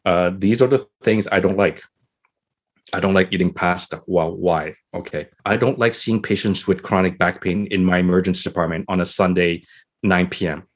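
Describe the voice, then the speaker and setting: A man's voice: deep voice, fairly even intonation, moderate pace. A middle-aged man, a family and emergency doctor, explaining earnestly with rhetorical questions and acted examples. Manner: earnest, uses rhetorical questions and repeats "right?".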